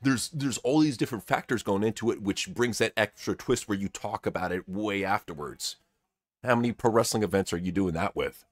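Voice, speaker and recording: A low-voiced man hosts a casual podcast, delivering blunt, opinionated takes packed with swearing at a brisk pace. The sound is dry and close-miked, with no room sound.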